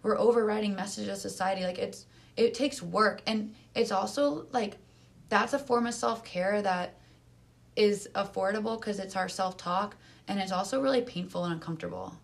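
A woman speaking earnestly in casual conversation, using lots of filler words and lively emphasis. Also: mid-range voice, normal speed, creaky. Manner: earnest, animated, many fillers.

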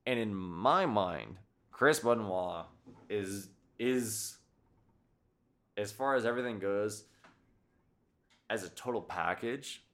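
A man hosting a podcast in casual chat, talking excitedly with lots of swearing and acting out quotes. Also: on the low side, slow, pauses often. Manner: excited, profane, acts out quotes. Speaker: podcast host.

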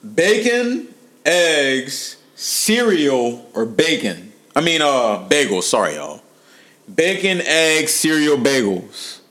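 Lively laid-back man hosting a podcast. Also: fairly high pitch, slow pace. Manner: laid-back, slangy, laughs often. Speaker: podcast host. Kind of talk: casual chat.

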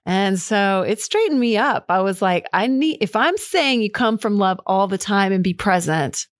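A woman's voice: medium pitch, lively intonation, normal speed, dry recording, clean studio sound. A middle-aged woman hosting a podcast, talking candidly and reflectively on her own, rambling with fillers and quoting herself. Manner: candid, rambling, with frequent fillers and self-quotes. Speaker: podcast host. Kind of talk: reflective solo monologue.

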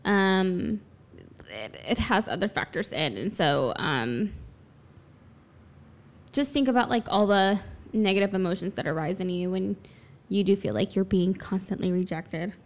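A woman co-hosts a relaxed podcast conversation. She is chatty and teasing, and she explains her points with her own experiences. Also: medium pitch, a little slow. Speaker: podcast co-host. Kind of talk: casual chat.

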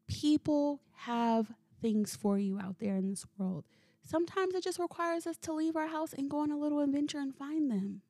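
A woman hosting a solo podcast, telling stories in a casual, animated way, swearing freely and laughing as she goes. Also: high voice, normal speed, dry recording. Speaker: podcast host. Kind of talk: casual solo storytelling monologue.

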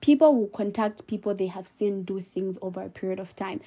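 A woman in her early twenties hosting her own podcast, talking casually and giving animated, playful advice. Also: mid-range voice, fairly quick, slightly rough. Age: 20s. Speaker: podcast host. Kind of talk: casual solo podcast talk.

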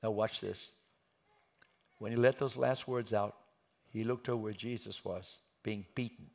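A man preaching a sermon, acting out a story and swinging from hushed tones to loud outbursts. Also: fairly low pitch, fairly even intonation, measured pace. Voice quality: gravelly, husky.

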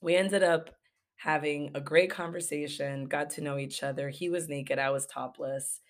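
A woman's voice: low voice, steady tone, moderate pace. A young woman from Los Angeles hosting a podcast, telling a travel story in a candid, profane, casual way. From Los Angeles, USA. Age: young adult. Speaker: podcast host. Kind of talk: casual story-time monologue.

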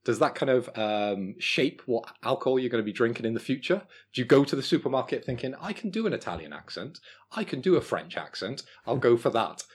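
A man's voice: mid-range voice, big pitch swings, fairly quick, breathy edge. A young man co-hosting a podcast, teasing his friend in a dry, ribbing manner. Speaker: podcast co-host. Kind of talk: casual chat.

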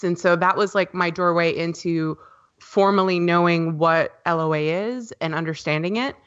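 A woman's voice: fairly low pitch, normal speed, a bit bright, highs cut off. A woman guest on a podcast, chatting casually and loosely about her path, with many ums and likes. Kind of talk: casual interview chat.

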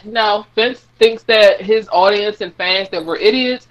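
Animated, profane woman co-host. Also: a little high, normal speed, low-quality recording. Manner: profane, animated, mimics voices mid-rant. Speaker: podcast co-host. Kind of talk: casual chat.

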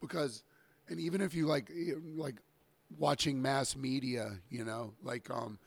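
A man co-hosting a podcast in casual chat, his voice hoarse and worn, rambling with many fillers and restarts. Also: mid-range voice, measured pace. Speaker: podcast co-host.

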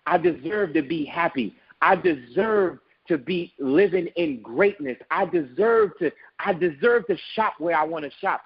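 Husky man telling a motivational story. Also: on the high side, animated, unhurried, few pauses, muffled recording. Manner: storytelling, emphatic and preachy. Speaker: guest, business owner. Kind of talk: motivational interview talk.

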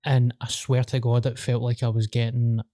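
A man's voice: mid-range voice, monotone, normal speed, mellow, no echo, studio quality. A man with a Glaswegian accent hosting a podcast, telling sweary stories and laughing often in casual chat. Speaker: podcast host.

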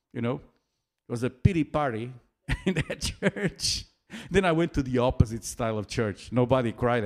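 A man preaching a sermon in a slow, earnest way, with an occasional soft laugh. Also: a little high.

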